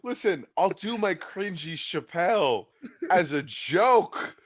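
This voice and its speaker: High, lively joking man. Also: slow. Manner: animated, joking banter. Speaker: podcast co-host. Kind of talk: casual podcast chat.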